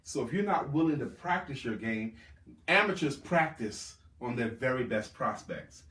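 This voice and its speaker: A man coaching a live audience on sales, speaking with emphatic, drawn-out stress on key words. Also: mid-range voice, lively intonation, fairly bright tone. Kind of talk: live sales workshop talk. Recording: roomy, distant mic.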